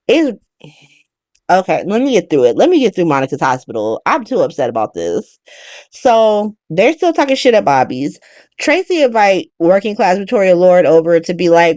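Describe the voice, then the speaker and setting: A woman hosting a casual soap opera recap, animated and profane with exasperated ranting. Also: fairly low pitch, normal speed, pauses often, no echo, studio quality. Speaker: recap podcast host.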